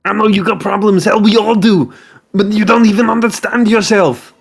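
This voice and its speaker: A man's voice: sits high, normal speed, gravelly, slightly rough, faint music behind, heavily acted. A man voicing a hot-tempered burly rebel leader in a fan-voiced game playthrough, blunt and cursing. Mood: angry. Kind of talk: fan voice acting over a game.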